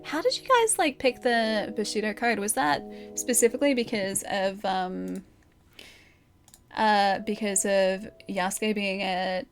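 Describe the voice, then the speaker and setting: Australian woman streamer, unhurried delivery, thinks out loud with chat, music playing behind. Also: mid-range voice, animated. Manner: thinking aloud, chatting with viewers. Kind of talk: casual live-stream chat.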